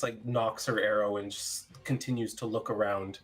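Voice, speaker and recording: Speaking at normal speed in a lowish voice, a man narrates as game master and describes the scene. He sounds relaxed but hesitant, dropping plenty of ums along the way.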